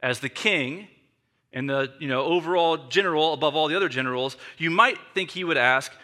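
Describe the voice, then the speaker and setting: A man's voice: a little high, a little fast, bright, forceful tone. A man preaching a sermon, telling the story with animation and acting out the scene. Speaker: pastor.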